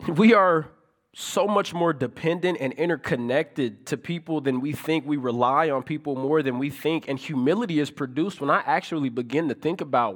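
A man's voice: on the high side, normal speed. A man preaching a sermon in a conversational way, asking rhetorical questions and building to emphatic peaks. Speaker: pastor.

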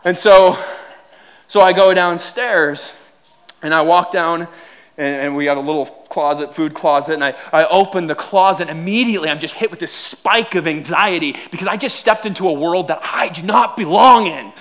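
Man, pastor, humorous sermon, high voice, animated, repeats words. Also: moderate pace.

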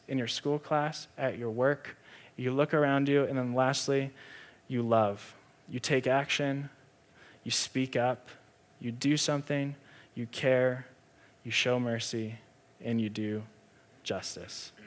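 A male pastor at medium pitch delivers a sermon that blends teaching with a personal story, told easily and conversationally. His volume rises loud at some moments and drops soft at others.

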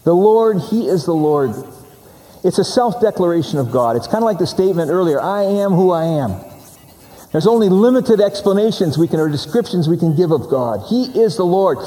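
A man's voice: sits high, lively intonation, normal speed, mellow, long reverb tail. A man preaching a sermon, stressing and repeating key words as he teaches from scripture.

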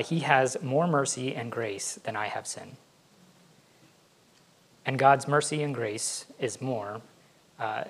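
A man's voice: mid-range voice, rough recording. A male pastor giving a conversational sermon, laughing now and then and acting out what his kids say. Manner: conversational, laughs often, acts out kids' voices.

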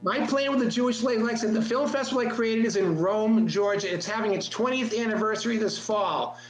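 High-voiced man in an echoey room. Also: fairly quick. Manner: rambling storyteller with frequent restarts. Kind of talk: casual comedic chat. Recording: echoey room with faint hum.

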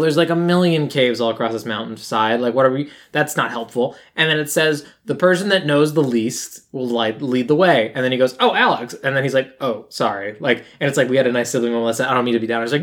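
A woman co-hosting a podcast, casually recapping a show and acting out the characters' lines in quick little voices. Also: very deep voice. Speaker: podcast co-host.

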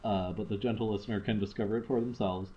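A man's voice: fairly low pitch, fairly even intonation, fast, warm tone, lo-fi sound. A man co-hosting a podcast in wry, joking casual chat. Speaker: podcast co-host.

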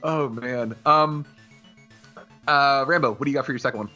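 A man co-hosting a casual chat, rambling and animated, often slipping into goofy character voices. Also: medium pitch, moderate pace, dull audio, faint music behind. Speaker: podcast co-host.

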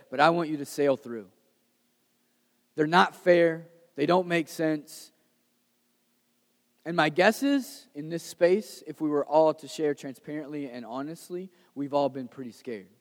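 A pastor preaching a sermon in a casual, conversational way, rising to loud emphasis and dropping to soft, hushed lines. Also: male voice, fairly high pitch, in a large hall.

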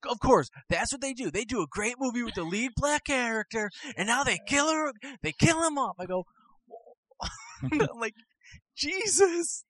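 A man's voice: very high-pitched, brisk, hardly any pauses, no room sound. A man co-hosting a casual podcast chat, telling an anecdote and acting out the people in it. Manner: animated, acts out quotes with shifting voices. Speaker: podcast co-host. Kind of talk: casual storytelling.

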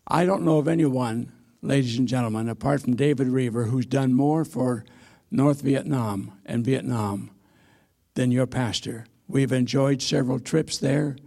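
A man's voice: mid-range voice, measured pace, creaky, mellow. A man in his eighties, a missionary preacher, giving a sermon in a church with folksy, self-deprecating stories and frequent hesitations. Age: 80s. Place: church sanctuary.

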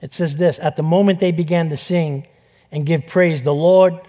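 A man's voice: a little high, steady tone, normal speed, dark tone. A man with a New York accent preaching a sermon with passion, repeating phrases for emphasis. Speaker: pastor.

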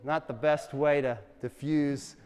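Animated man teaching in an echoing hall. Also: on the high side, takes it slowly. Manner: animated storyteller, asks the room questions. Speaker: speaker teaching a class. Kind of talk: lively classroom talk with questions to students. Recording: long reverb in a hall.

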